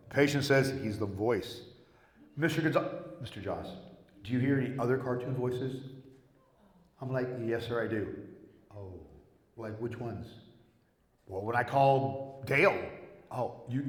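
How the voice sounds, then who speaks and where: At a convention panel, a middle-aged guest tells rambling, profane stories and acts out other people's lines, with the echo of the convention hall around him. He speaks at medium pitch, unhurried, with long pauses.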